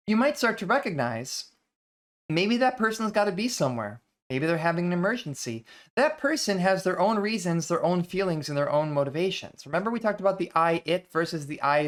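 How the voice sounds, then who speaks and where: An adult vtuber hosting a book reading series, talking through ideas in a thoughtful, conversational way with frequent restarts. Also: medium pitch. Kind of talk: casual reflective lecture stream.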